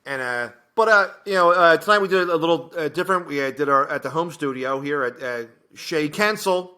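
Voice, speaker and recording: A man with a bright, forceful, slightly high voice tells stories in casual chat. He rambles, stops and restarts often, and leans on fillers. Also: fairly quick, smooth. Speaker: podcast co-host, comedian. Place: home studio.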